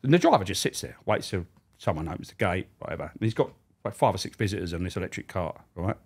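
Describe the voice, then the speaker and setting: A man's voice: sits low, quick pace, breathy edge. Swearing middle-aged male storyteller. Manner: animated, swears freely, acts out quotes. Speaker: guest, former prison officer. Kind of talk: anecdotal storytelling.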